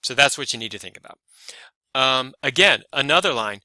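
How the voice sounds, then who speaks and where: A man's voice: mid-range voice, expressive, brisk, pushed and bright, no room sound. A man teaching how verse rhythm works for actors in a casual explainer video, thinking aloud with fillers and restarts. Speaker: acting teacher.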